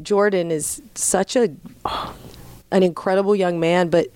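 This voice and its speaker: A woman's voice: fairly low pitch, fairly even intonation, unhurried, dark tone, smooth, no echo. Supportive woman interviewer, dry close sound. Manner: supportive, frequent affirming interjections. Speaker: podcast host. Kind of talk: conversational interview.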